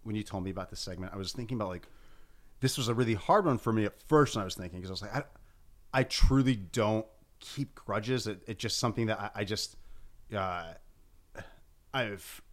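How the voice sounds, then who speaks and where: A man chatting casually on a podcast, rambling with halting restarts and lots of fillers. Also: fairly low pitch. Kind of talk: casual comedic chat.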